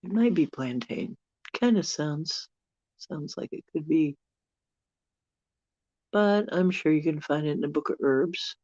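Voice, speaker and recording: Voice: medium pitch, lively intonation, unhurried, long pauses, a little mellow, no room sound. A live-stream host with allergies, chatting casually with viewers, rambling and chuckling while thinking aloud. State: dealing with allergies. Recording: dull, dry lo-fi sound.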